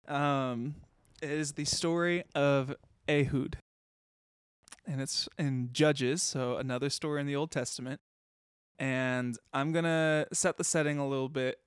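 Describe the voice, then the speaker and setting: A man's voice: medium pitch, smooth, dry recording, clean studio sound. A man co-hosting a casual podcast, talking in a playful, chatty way and saying "like" a lot. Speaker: podcast co-host. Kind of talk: casual chat.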